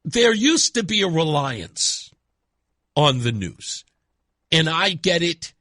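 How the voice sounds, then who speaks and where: A man's voice: a little high, big pitch swings, slow, bright, forceful tone, dry recording, clean studio sound. A man hosting a radio talk show, delivering an emphatic monologue and repeating words for effect.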